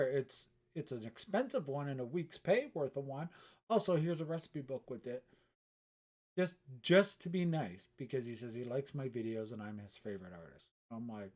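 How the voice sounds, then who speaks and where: A man's voice: mid-range voice, animated, a little slow, a little mellow. A middle-aged man, a painter, chatting casually on a live stream from his art studio, rambling and self-mocking and swearing freely.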